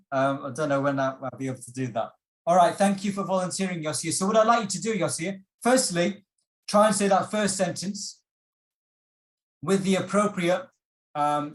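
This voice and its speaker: Teaching an online workshop over video, this encouraging man has a voice slightly higher than the typical male range. He repeats his instructions and fills gaps with ums, and the room is echoey.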